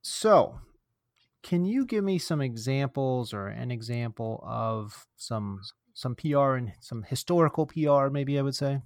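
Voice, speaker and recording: A man hosting a marketing podcast in casual chat, tossing in quick jokes and asides. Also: medium pitch, expressive, dry recording, clean studio sound. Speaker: podcast host.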